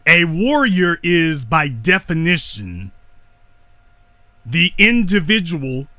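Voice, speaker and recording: A man giving a slow, deliberate lecture, speaking emphatically and repeating his key lines. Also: on the high side, big pitch swings, pushed and bright, no room sound.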